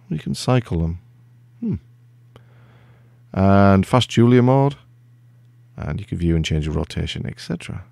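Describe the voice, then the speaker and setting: Low gravelly man, dry close sound. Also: dry recording. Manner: relaxed, self-deprecating, rambling with many fillers. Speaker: tech video host. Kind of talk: casual screen-recorded software walkthrough.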